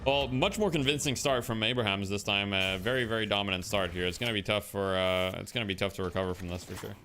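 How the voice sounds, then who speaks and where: A man's voice: on the low side, fast talker, sharp tone, a little hiss or hum. Joking male stream commentator with music behind. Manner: joking, loose, swears now and then. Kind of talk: casual live game commentary.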